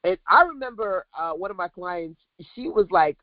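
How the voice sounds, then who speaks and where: A woman business coach on a livestream, talking in an animated, preachy way straight to her viewers. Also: lowish voice, a little fast, hardly any pauses, no room sound, dull audio.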